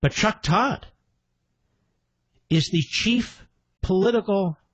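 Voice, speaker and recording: A man's voice: high voice, takes it slowly, dry recording. A man hosting a combative political talk radio show, indignant and emphatic, firing rhetorical questions and repeating his points.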